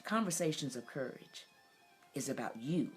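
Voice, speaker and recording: Impassioned low-voiced woman testifying. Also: animated, moderate pace, faint music behind. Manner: impassioned, preacherly, rising to near-shouts. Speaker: host. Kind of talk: emotional personal testimony.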